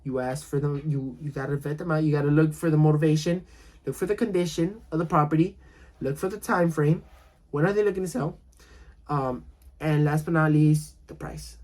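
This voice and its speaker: A man's voice: steady tone, moderate pace, a little mellow. A man coaching real estate wholesalers in a casual talk, acting out calls with sellers and often repeating himself. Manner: role-plays calls with sellers, laughing at his own lowball offers; repetitive, restarts often.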